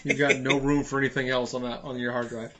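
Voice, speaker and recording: A man's voice: mid-range voice, flat delivery, fast, pushed and bright, slight background noise. Gaming podcast guy, dry sarcastic jokes, normal voice. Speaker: podcast co-host. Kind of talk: casual chat.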